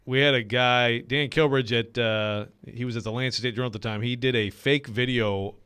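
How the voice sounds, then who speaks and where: A man's voice: mid-range voice, fairly even intonation, moderate pace, a bit bright, smooth, dry recording. A man co-hosting a sports radio show, chatting casually and rambling with lots of fillers.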